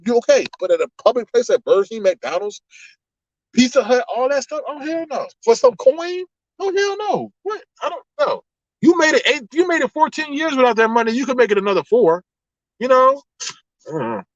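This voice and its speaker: A man hosting a casual livestream, reading the chat and telling stories in an animated, exclamatory way, often laughing. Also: extremely high pitch, brisk, no room sound. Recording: dull, slightly lo-fi, dry sound.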